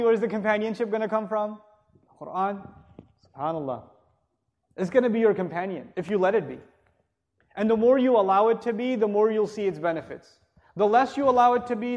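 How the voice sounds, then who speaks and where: A man teaching a religious lecture to a live audience, chatty and joking, asking rhetorical questions and turning forceful when urging respect. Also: high-pitched. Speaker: Islamic teacher.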